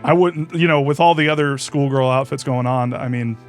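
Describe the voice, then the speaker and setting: A man's voice: mid-range voice, normal speed, soft background music. A man streaming a visual novel, reading its text aloud and commenting casually, swearing freely and laughing often.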